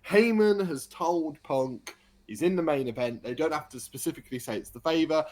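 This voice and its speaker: A man, a podcast co-host telling an excited story in casual chat. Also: a little high, normal speed. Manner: excited storytelling, animated retelling.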